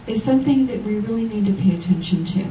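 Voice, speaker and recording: A woman spiritual teacher delivers an inspirational Sunday lecture in a church hall, telling a parable and playing out its characters' voices. Her tone is very dark and mellow. She is heard from a distance, with a roomy echo and faint background noise. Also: medium pitch, quick pace, highs cut off. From Los Angeles. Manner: animated storytelling, acting out quoted voices. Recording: echoey church hall from far off.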